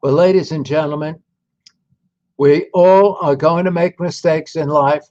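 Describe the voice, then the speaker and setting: A man in his nineties, a veteran telling his life story to an audience in a slow, deliberate, folksy way. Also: on the high side, fairly even intonation, a little mellow, lo-fi sound. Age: 90s.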